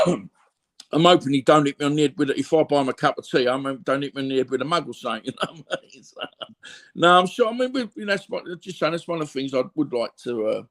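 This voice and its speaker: A man's voice: fairly high pitch, lively intonation, fast, a bit bright. A middle-aged Cockney man telling blunt, rambling stories as an interview guest, full of fillers and repeats. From London, England. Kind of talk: candid conversational storytelling.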